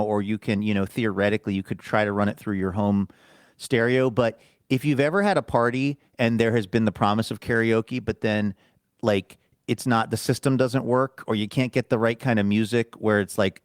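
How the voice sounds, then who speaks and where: A man's voice: lowish voice, clean tone, no room sound, studio quality. A man co-hosting a podcast in casual chat, rambling and self-deprecating. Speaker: podcast co-host.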